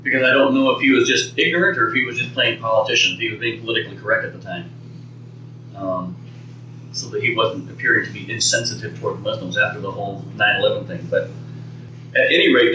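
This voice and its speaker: A man teaches a live group with a bright, sharp voice, putting questions to his listeners. He talks conversationally and often repeats words. He sounds distant and very echoey, with faint noise behind. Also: medium pitch. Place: meeting room with an audience. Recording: very echoey room from far off.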